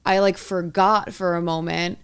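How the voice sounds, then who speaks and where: Young woman podcast co-host, low and smooth with vocal fry, earnest rambling delivery. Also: flat delivery, moderate pace. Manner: earnest, rambling, heavy use of "like". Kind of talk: casual chat.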